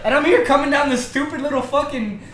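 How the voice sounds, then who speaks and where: A young man telling a story in casual chat among friends, animated and swearing constantly. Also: very high voice, quick pace, reverberant.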